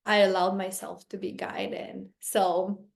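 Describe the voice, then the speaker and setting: A woman's voice: medium pitch, gravelly. Earnest woman host telling a personal story. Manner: earnest and animated, quick bursts when excited. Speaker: podcast host.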